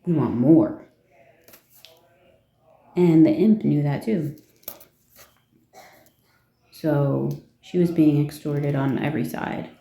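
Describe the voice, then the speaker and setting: A woman talks through a fairy tale in a slow, unhurried way, pausing to ask rhetorical questions and give her opinions. Her voice is low and gravelly, with a very dark, mellow tone. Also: fairly even intonation, roomy sound. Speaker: vlogger. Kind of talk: casual storytelling from notes.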